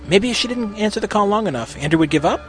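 Expressive male storyteller over soft music. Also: high-pitched, fast. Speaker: narrator. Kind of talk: storybook reading of fan fiction.

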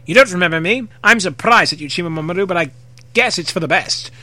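A man's voice: sits high, quick pace, sharp tone, no room sound, faint music behind. A man voicing a mysterious disembodied voice that speaks with urgent earnestness.

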